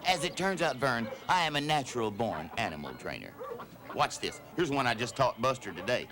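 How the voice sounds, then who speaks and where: Goofy excitable man, music behind. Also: mid-range voice, brisk. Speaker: comic lead character. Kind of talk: sitcom sketch comedy.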